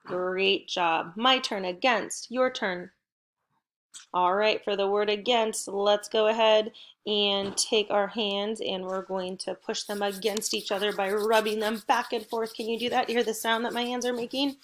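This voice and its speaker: A middle-aged woman teaching a recorded home lesson to first graders, upbeat and encouraging, speaking slowly and clearly for children. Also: mid-range voice, fairly even intonation, a bit bright.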